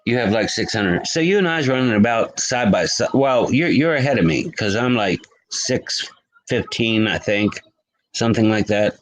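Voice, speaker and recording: A man's voice: lowish voice, animated, moderate pace, low-quality recording. Chatty man greeting his live-stream viewers. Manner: chatty, greets viewers by name, rambling with restarts. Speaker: livestream host. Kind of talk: casual live-stream chat reading comments.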